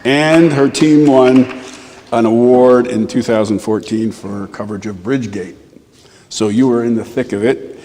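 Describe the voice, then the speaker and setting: A man's voice: medium pitch, mellow. A man, a deputy mayor, reading a proclamation at a ceremony with wry joking asides. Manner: wry, joking asides between formal lines. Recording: roomy hall with long reverb.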